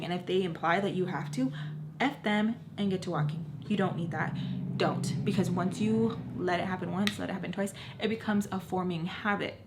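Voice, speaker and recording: A woman's voice: lowish voice, noisy background. Young woman telling a storytime, filler-heavy. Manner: profane, emphatic, constant "like" fillers. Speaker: storytime vlogger. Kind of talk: casual storytelling.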